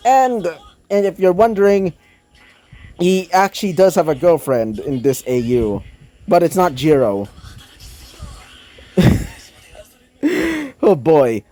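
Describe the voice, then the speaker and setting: A man's voice: a little high, animated, takes it slowly, pauses often, mellow, soft background music. Rambling man reading a fan story. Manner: rambling, many fillers and restarts. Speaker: fan fiction reader. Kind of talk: casual story narration.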